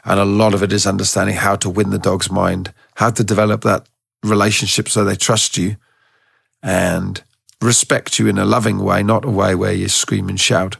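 A man who trains dogs, telling stories in a relaxed, rambling way as a guest in an interview, with a gravelly, husky voice. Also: lowish voice, normal speed, dry recording, studio quality. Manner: relaxed, rambling, with many restarts. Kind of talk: casual storytelling in a podcast interview.

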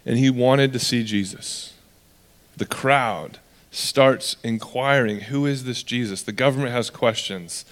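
A man, a pastor preaching a sermon in a relaxed, conversational way, acting out quoted dialogue with casual asides. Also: mid-range voice, a little slow.

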